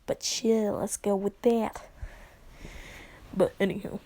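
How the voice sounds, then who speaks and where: A woman's voice: mid-range voice, level tone, takes it slowly, warm tone. A woman casually retelling a comedic fan story in laid-back slang, laughing along as she goes.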